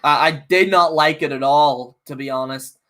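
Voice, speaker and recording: A man with a bright, forceful voice rants through a casual live review. He rambles and restarts often, exasperated and full of fillers. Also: fairly high pitch, moderate pace. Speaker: host reviewing a wrestling show.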